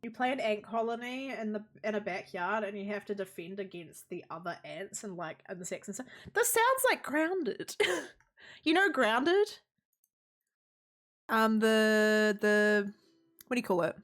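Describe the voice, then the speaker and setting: A woman's voice: mid-range voice, steady tone, moderate pace, fairly bright tone, soft background music. A woman with a New Zealand accent streams a game from home, rambling and chatty and laughing often as she talks to her chat and her pets. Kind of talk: casual live-stream chatter while playing.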